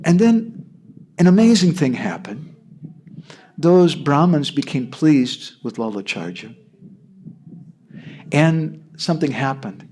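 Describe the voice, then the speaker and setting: An American man telling a devotional story in a lively way, often checking in with his listeners. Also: mid-range voice, breathy edge. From United States. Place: devotee's home.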